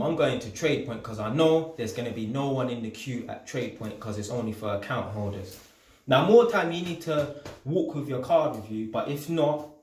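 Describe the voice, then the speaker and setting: A young man from North London, a vlogger with a London accent, tells stories casually to camera in slangy street talk. His voice is medium-pitched and the room is echoey. He's animated and acts out voices when he quotes people.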